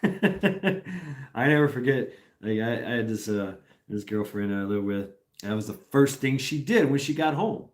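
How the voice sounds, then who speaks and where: A man's voice: mid-range voice, animated, a little slow. A middle-aged man from Tennessee hosting a casual live stream, rambling, swearing and laughing often as he reads comments.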